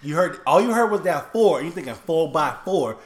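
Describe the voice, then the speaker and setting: A man as a guest on a podcast, trading quick profane banter in casual chat. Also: a little high, lively intonation, echoey room.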